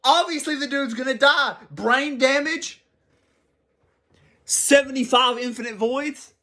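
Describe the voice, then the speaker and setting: Excitable young man, high bright voice. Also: a little slow. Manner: excitable, rambling, swears freely, repeats himself. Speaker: anime commentary channel host. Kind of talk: casual commentary.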